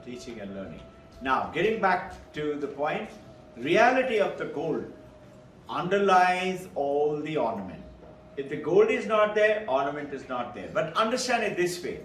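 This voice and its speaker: Male spiritual teacher, earnest lecture, slightly higher voice, distant roomy recording. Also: a bit bright. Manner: earnest storytelling teacher, repeats phrases for emphasis. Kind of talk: Vedanta lecture. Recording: roomy echo, distant mic, faint hiss.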